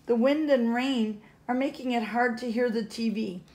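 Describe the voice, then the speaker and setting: A woman's voice: on the high side, normal speed, a little mellow, natural voice. A woman reading aloud, voicing a kindly mother who asks politely and calls to her son. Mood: friendly.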